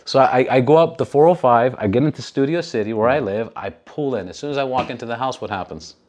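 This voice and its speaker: A man telling a long story in a casual podcast conversation, animated, swearing freely and acting out what other people said. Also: mid-range voice, quick pace.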